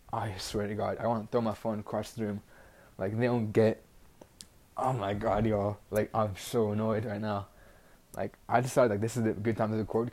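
A man's voice: on the low side, darkish tone. A teenage boy hosting a casual solo podcast, rambling bluntly with constant "like" fillers and a frustrated edge. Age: teens. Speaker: podcast host.

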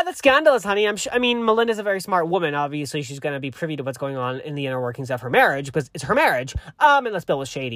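A man's voice: fairly high pitch, fairly bright tone, dry recording, studio quality. A man in his thirties hosting a solo pop culture gossip podcast, reading news stories aloud with campy, gushing asides and frequent self-corrections. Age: 30s. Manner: campy and gushing, calls listeners honey. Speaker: podcast host.

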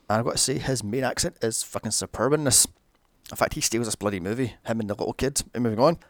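A man's voice: medium pitch, vocal fry, no echo, clean studio sound. A man narrating a sarcastic movie recap, full of profane, mocking asides. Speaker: film recap commentator.

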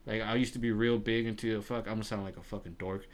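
A twenty-year-old man, a podcast guest, telling a story in casual chat, swearing freely, animated and laughing often. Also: fairly low pitch, fast.

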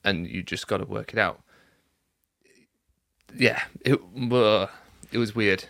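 Low voiced guy over a call, stops and restarts, picking words apart. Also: creaky, a bit bright, no room sound, studio quality. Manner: analytical, halting, restarts often. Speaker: podcast co-host. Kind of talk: casual discussion. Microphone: video call.

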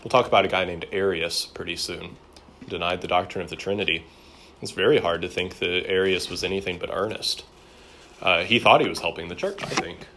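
A man's voice: low-pitched, fairly quick, pushed and bright, a little hiss or hum. A man teaching a church history class in a conversational lecture, with frequent fillers and repeated words.

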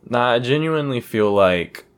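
A man's voice: medium pitch, expressive, normal speed, slight background noise. A young man hosting a podcast, rambling casually with lots of swearing and self-deprecating asides. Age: young adult. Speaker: podcast host. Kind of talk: casual solo podcast chat.

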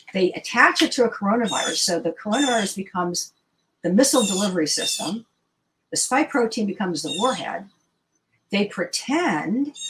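A woman in a casual interview, emphatic and animated, firing off rhetorical questions. Her voice sits at an ordinary middle pitch, with a faint hiss of noise behind her. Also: rough recording. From Washington, D.C. area. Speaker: interview guest, surgeon.

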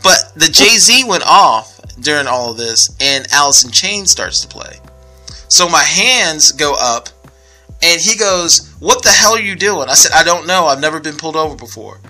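A man's voice: a little high, normal speed, faint music behind. A young man in casual podcast conversation, telling a story with laughs and acted-out voices. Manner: animated storyteller, laughs often, acts out voices.

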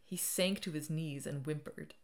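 A woman reading her own memoir aloud as an audiobook, dramatic, rising loud at times and falling nearly to a whisper. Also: low voice, moderate pace. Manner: dramatic, swells loud and drops to near whisper.

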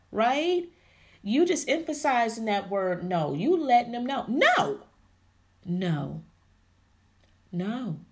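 Calling her listeners ladies and honey, a podcast host gives a faith-based motivational talk that's emphatic and preachy. Her voice is a little high, with a darkish tone.

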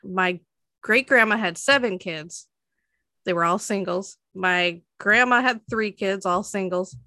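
Chatty young woman, bright dry voice. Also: medium pitch, measured pace, no echo. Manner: chatty storytelling, laughs often, many fillers. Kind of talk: casual chat.

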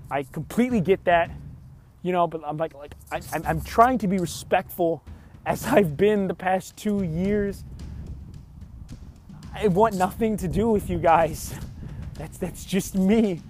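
A man's voice: high voice, measured pace, long pauses, darkish tone, a little hiss or hum. A young man telling a frustrated story in a rambling, casual way, swearing often and filling his speech with "like.".

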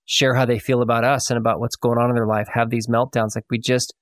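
Man, podcast host, reflective, affirming, mid-pitched, dry close sound. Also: flat delivery, fast, dry recording. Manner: reflective, affirming, many fillers. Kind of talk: podcast interview.

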